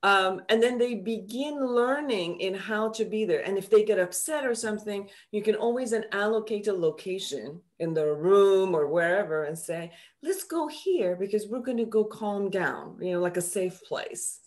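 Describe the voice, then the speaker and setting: A woman psychotherapist explaining her methods in an interview, animated, acting out quoted dialogue as she goes. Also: mid-range voice, normal speed, hardly any pauses. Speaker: psychotherapist guest. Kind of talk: explaining in conversation.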